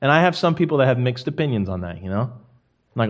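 A young man delivering a sermon with an emphatic, lively manner. His voice sits in an average male range and rises and falls with quick swings from quiet to loud. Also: mid-range voice. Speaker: pastor.

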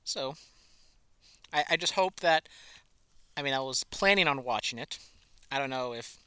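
Male podcast co-host, bright tone, dry sound, casual teasing banter. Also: medium pitch, lively intonation, normal speed, clean tone, no echo. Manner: conversational, teasing. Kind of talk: casual sports chat.

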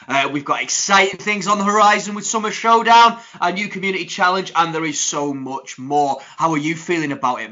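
A man hosting a casual podcast, with a high, bright, forward voice. He jokes and teases with plenty of energy. The audio sounds a bit dull and lo-fi. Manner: jokey, energetic, teasing. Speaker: podcast co-host.

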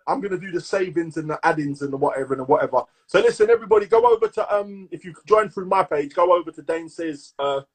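A man with a London accent co-hosts a casual podcast, full of slang and hype for his listeners. His voice sits fairly high. It has a husky, slightly rough edge. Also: quick pace, few pauses. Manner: animated slang-heavy banter, hyping listeners. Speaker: podcast co-host. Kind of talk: casual chat.

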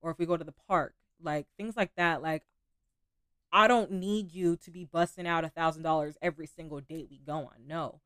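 A woman's voice: low-pitched, fairly even intonation, moderate pace, a bit bright, dry recording, studio quality. A young woman hosting a podcast, talking candidly and casually about relationships, with some swearing. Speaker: podcast host.

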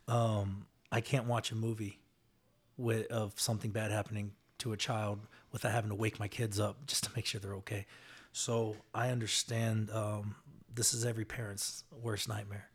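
Male podcast host, lowish, flat delivery, gentle and hesitant with his questions. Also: normal speed, slightly rough.

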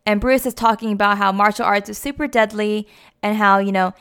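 A young woman recounts a story in a relaxed, chatty way, peppering it with fillers. Her voice is smooth and clear, sitting at an ordinary middle pitch. She talks like she is catching up with a friend. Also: a little fast. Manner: chatty, lots of "like" and "you know". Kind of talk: casual plot retelling.

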